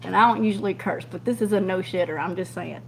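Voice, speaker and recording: A woman's voice: lowish voice, fast, vocal fry, a little hiss or hum. A middle-aged woman, telling a story in casual chat and laughing often as she acts out what people said. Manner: animated, laughing often, acting out quotes. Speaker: truck driver and show host. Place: truck cab.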